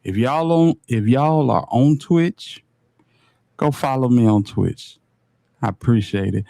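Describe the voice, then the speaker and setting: A man's voice: mid-range voice, normal speed, vocal fry, mellow, no echo. A man hosting a livestream, talking to his chat in a laid-back way. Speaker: livestream host.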